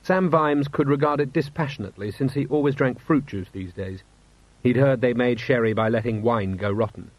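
A man reading a novel aloud in expressive, wry narration. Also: mid-range voice, moderate pace, no room sound. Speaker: audiobook narrator. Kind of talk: scripted narration. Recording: dull, slightly lo-fi, dry.

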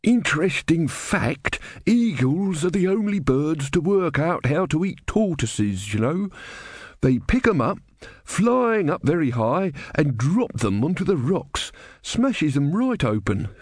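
A man's voice: on the high side, sing-song, slow, dry recording, studio quality, pitched above the performer's own voice, heavily acted. A man voicing a boring, know-it-all elderly man with a droning, unstoppable voice.

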